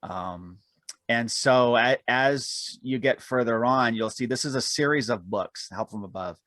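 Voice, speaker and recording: A man's voice: mid-range voice, unhurried, dry recording. Laughing, self-mocking storyteller man. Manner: animated self-deprecating storyteller, laughs often. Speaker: guest, aerial cameraman and author. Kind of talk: podcast interview storytelling.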